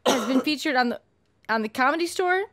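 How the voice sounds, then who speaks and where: A woman's voice: sits high, a little fast, a little hiss or hum. A woman hosting a comedy podcast, chatting casually and interviewing her guest. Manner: lively, interviewing. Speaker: podcast host. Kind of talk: casual chat.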